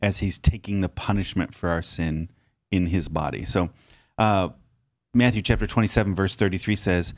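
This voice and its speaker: A man, a pastor and podcast co-host, reading scripture aloud in an earnest, steady way with occasional halting fillers. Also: low-pitched, no echo, clean studio sound.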